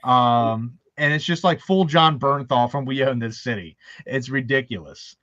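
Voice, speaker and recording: A man's voice: medium pitch, unhurried, fairly bright tone, dry recording. Male host from Baltimore, faint local accent, rambling storyteller, dry and dull lo-fi sound. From Baltimore, USA. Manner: rambling, anecdotal, laughing often. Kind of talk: casual chat.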